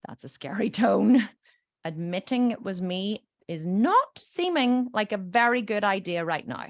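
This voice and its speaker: A woman's voice: medium pitch, expressive, moderate pace, no echo, studio quality. A woman coach teaching a group, telling stories with lots of "okay?" and "right?" check-ins and acting out the voices in them. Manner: acts out voices in quotes.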